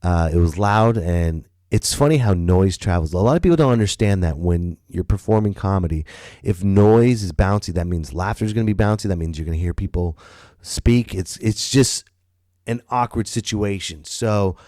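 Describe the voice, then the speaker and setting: A male comedian talks through a loose podcast monologue in a lowish voice, rambling and lively, with profanity and stumbles. The sound is dry and close, with no room around it. He jumps from story to aside with animated emphasis. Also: normal speed, no room sound. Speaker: stand-up comedian and podcast host.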